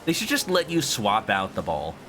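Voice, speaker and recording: A man's voice: on the low side, huge pitch swings, normal speed, bright, forceful tone, slight background noise. A man streaming a video game, chatting playfully with his viewers and humming to himself. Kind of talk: casual game commentary. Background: game music.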